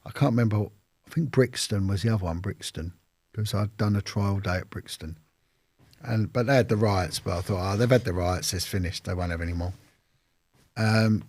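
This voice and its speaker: Brief: London man, low gravelly voice, husky, rambling storyteller. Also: darkish tone, no room sound. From London, England. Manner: rambling, with restarts and acted-out quotes. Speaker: interview guest. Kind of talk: casual storytelling.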